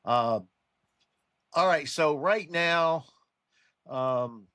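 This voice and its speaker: A man's voice: on the high side, animated, drawn-out words, fairly bright tone, no echo, clean studio sound. A man delivering a rambling casual monologue for his online channel, full of restarts and a warning tone. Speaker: religious commentary vlogger.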